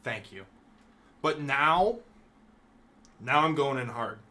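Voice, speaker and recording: A man's voice: medium pitch, animated, slow, a crowd in the background. A man streaming live, ranking things in a casual, profane, mock-outraged rant.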